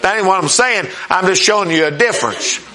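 High, bright-voiced folksy male preacher. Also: lively intonation. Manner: folksy, questioning the congregation often; reads scripture slowly and emphatically. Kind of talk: sermon.

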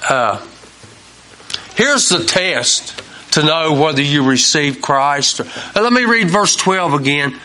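A man's voice: fairly high pitch, lively intonation, takes it slowly, sharp tone. A man hosting a Christian talk show, telling homespun stories in a folksy preaching manner and repeating his key lines for emphasis.

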